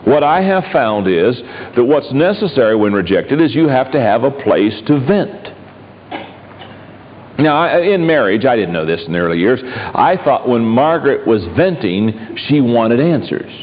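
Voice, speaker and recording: A man preaching a humorous sermon, telling stories and cracking jokes in an animated way. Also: medium pitch, moderate pace, slight background noise. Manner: animated storytelling, joking. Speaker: pastor. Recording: echoey hall, dull lo-fi sound.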